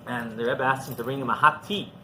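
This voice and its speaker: A rabbi telling a story in a conversational sermon, halting and repeating himself as he goes. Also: medium pitch, fairly even intonation, pushed and bright. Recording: noisy background.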